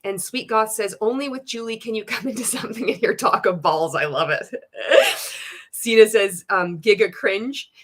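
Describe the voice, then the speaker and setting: A woman with a mid-range voice hosts a casual livestream at a moderate pace, reading chat comments aloud and mocking a coach. She swears freely, laughs often, and stays animated and teasing.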